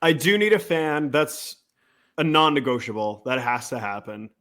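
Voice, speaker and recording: A man's voice: medium pitch, lively intonation, moderate pace, fairly bright tone. A man co-hosting a podcast in casual chat, telling stories in a laid-back, rambling way. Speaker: podcast co-host.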